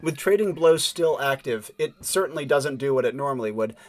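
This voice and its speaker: A man narrating a tabletop game as game master, describing scenes in a measured way. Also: medium pitch, lively intonation.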